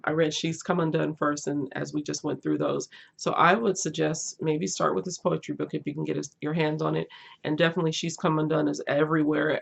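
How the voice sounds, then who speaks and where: A woman's voice: low voice, gravelly. A middle-aged woman chatting casually as a book vlogger, gushing and laughing often. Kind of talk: casual chat.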